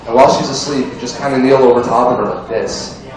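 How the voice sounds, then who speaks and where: A man's voice: mid-range voice, fast, very echoey. A young man doing an amateur stand-up set in a bar, crude and rambling, chatting with the crowd, recorded from far off. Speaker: stand-up comedian. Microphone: far camera. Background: crowd chatter and laughter.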